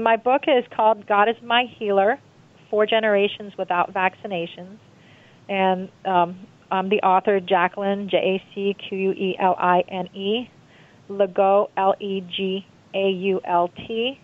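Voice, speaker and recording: A woman tells stories in a lively, rambling way, full of fillers and repetition. Her voice comes through a thin, tinny phone line. She is a guest author in a phone-in interview. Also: medium pitch, unhurried. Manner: animated storyteller, repeats herself, many fillers.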